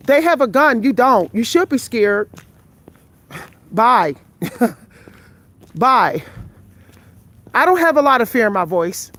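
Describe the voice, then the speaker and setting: A woman's voice: on the high side, expressive, slow, long pauses, fairly bright tone. A tired, out-of-breath woman in her forties talks bluntly and profanely to her viewers while walking outdoors at night, filming on a phone. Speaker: vlogger. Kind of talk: live vlog while walking. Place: outdoors on a night street walk.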